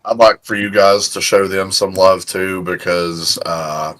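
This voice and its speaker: A man's voice: sits low, level tone, unhurried, fairly bright tone, low-quality recording. A man casually chatting on a stream, laid-back and swearing, addressing the chat as folks. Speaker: stream co-host.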